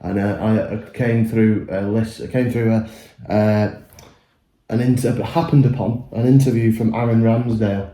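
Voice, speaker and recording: A man's voice: fairly low pitch, fairly even intonation, normal speed, mellow. A man co-hosting a podcast, chatting casually in a pub, swearing, laughing and rambling with fillers. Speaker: podcast co-host. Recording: roomy pub recording.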